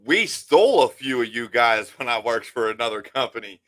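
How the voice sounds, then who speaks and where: A man's voice: mid-range voice, lively intonation, brisk, fairly bright tone, no room sound. A man hosting a casual interview, blunt and outspoken, swearing freely. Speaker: podcast host.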